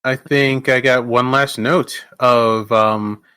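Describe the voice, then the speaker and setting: A man's voice: mid-range voice, steady tone, takes it slowly, sharp tone, clear, resonant tone, no room sound. A man in a middle register stumbles through restarts while he talks about a film, swearing easily as he goes. He is recorded close and dry. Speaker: podcast co-host. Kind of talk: casual movie discussion.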